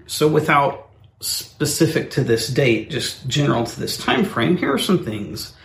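Deadpan joking male co-host. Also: mid-range voice, measured pace, gravelly, roomy sound. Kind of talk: casual banter.

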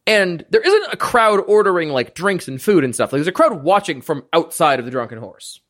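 A man's voice: fairly high pitch, very animated, a little fast, fairly bright tone. A man running a tabletop game as game master, narrating casually with lots of fillers.

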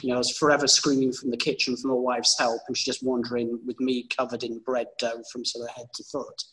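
A man's voice: medium pitch, little pitch movement, a little fast, fairly bright tone, slight background noise, poor audio. Rambling male podcast host. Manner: rambling, filler-heavy questions. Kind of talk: casual interview chat.

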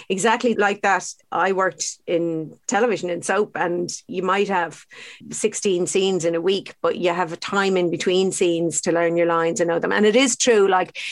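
A middle-aged woman hosting a podcast, talking in a warm, enthusiastic and talkative way. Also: medium pitch. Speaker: podcast host. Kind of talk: casual chat.

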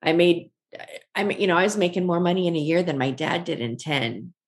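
A woman in her forties, a guest on an interview show, tells her story in a lively conversational way and acts out the lines she quotes. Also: lowish voice, fairly quick. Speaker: guest, ice cream shop founder.

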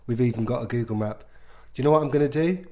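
A man's voice: mid-range voice, quick pace, darkish tone. A man co-hosting a comedy podcast, trading crude banter and breaking into giggles mid-story. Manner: giggly, laughs through his stories. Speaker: podcast co-host.

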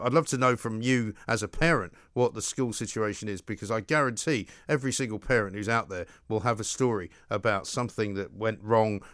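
A man's voice: fairly low pitch, fairly bright tone, no echo, clean studio sound. A man hosting a live radio talk show, chatty and affable, with frequent fillers. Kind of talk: live radio phone-in chat. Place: radio studio.

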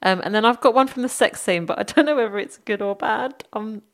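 A woman's voice: mid-range voice, a little fast. A woman co-hosting a podcast from home, chatting casually and teasing with frequent giggles. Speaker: podcast co-host. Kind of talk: casual chat. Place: home with a dog nearby.

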